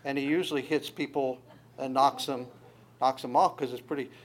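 Halting, conversational male preacher. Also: medium pitch, steady tone. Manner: halting, repeats words, frequent restarts; conversational, folksy storytelling. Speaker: pastor. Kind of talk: Bible teaching sermon.

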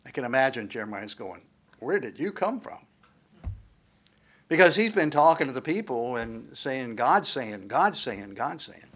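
A man at mid pitch delivering a sermon, retelling a scripture story in a conversational way with fillers and asides. He reads the verses aloud with building emphasis. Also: very animated, normal speed, hardly any pauses, fairly bright tone. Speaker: preacher.

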